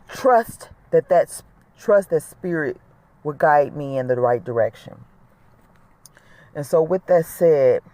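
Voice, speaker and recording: A middle-aged voice delivering a reflective spiritual talk at an unhurried, deliberate pace. The speaker is earnest and circles back to key words again and again to stress them. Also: medium pitch, darkish tone. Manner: slow, earnest, repeats key words for emphasis.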